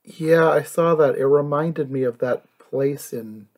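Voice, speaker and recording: A podcast co-host with a higher-pitched voice talks a little slowly in an easygoing chat about a cartoon, laughing a lot and using "like" as filler. A crowd can be heard behind him.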